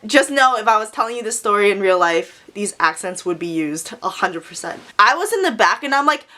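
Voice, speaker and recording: A woman telling a storytime vlog in a sassy, profane, animated manner. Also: medium pitch, fairly quick. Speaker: vlogger.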